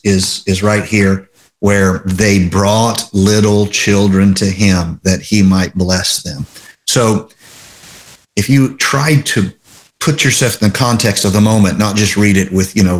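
A male pastor delivering a sermon in a halting way, full of fillers and restarts. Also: low voice.

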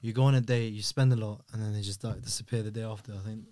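A man's voice: fairly low pitch, steady tone, fast, background noise. A man in casual podcast chat, slangy and asking the questions. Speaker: podcast co-host.

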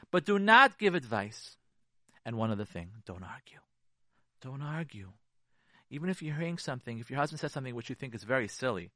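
An emphatic male counselor on a radio show, his pitch leaping up and down as he drives home each point. His bright, forceful voice comes through dry and close. He repeats phrases and briefly acts out the spouses he talks about. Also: dry recording. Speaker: marriage counselor. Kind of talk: radio advice talk.

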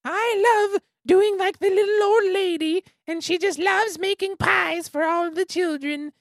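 A man's voice: extremely high pitch, measured pace, fairly bright tone, dry recording, clean studio sound, voice pushed up, full character voice. A man voicing a sweet little old lady who bakes pies and rambles fondly about the old days, for a storytelling voice. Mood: doting, nostalgic. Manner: doting, rambling and nostalgic. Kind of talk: storytelling character voice.

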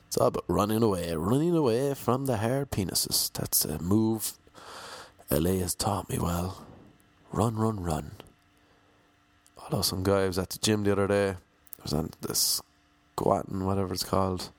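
Deadpan monotone Irish man. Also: low voice, moderate pace, dry recording. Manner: monotone, deadpan, self-mocking. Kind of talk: rambling comic monologue.

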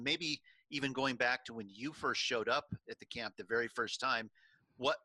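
A middle-aged man hosting a faith-based talk, asking reflective, measured questions. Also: medium pitch, bright, forceful tone, no echo, low-quality recording. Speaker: podcast host.

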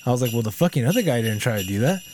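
A man's voice: mid-range voice, very fast. Profane storytelling man, noisy recording. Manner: animated, swears constantly, acts out quoted people. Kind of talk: casual chat, profane storytelling. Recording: noisy background hiss.

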